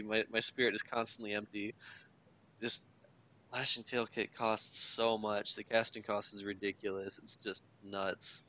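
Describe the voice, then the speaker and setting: A man's voice: mid-range voice, a bit bright, slight background noise. A man co-hosting a gaming podcast, musing aloud in casual chat and trailing off unsure. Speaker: podcast co-host.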